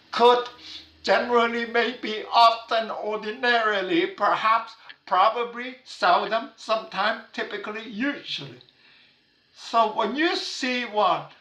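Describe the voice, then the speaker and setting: Slow, repetitive male lecturer in echoey room. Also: high-pitched, pushed and bright. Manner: repetitive, rhetorical "what?" questions and frequent "okay?". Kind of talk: classroom lecture on test-taking. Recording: roomy, distant lecture capture.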